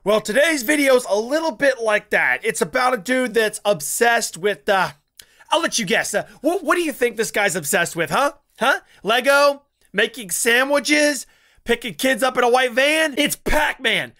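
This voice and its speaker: A young man with a high, sharp and bright voice rambles through a casual reaction video. He talks crudely and keeps stumbling into restarts. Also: animated, normal speed. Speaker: YouTube reaction host.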